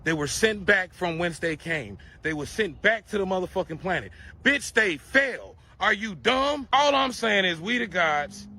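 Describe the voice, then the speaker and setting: A man's voice: high voice, animated, normal speed, few pauses, pushed and bright. A man delivering a profane conspiracy rant to camera, preachy and crude, firing off rhetorical questions.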